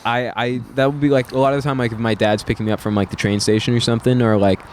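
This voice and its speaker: A man's voice: medium pitch, fairly even intonation, racing, darkish tone, a little hiss or hum. Rambling young Canadian man co-hosting. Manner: rambling, lots of restarts and fillers. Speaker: podcast co-host. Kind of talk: casual chat.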